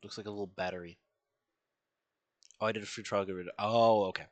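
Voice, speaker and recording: A man streaming a reaction, rambling and excitable, full of fillers and restarts. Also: lowish voice, fast talker, lo-fi sound. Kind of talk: casual reaction commentary.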